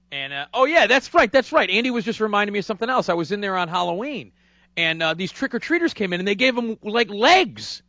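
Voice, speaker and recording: A man from hosting a radio show, telling a rambling story in a casual, animated way. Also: high voice, quick pace, no echo, dull audio. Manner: animated, rambling, acts out voices. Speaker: radio host. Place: radio studio.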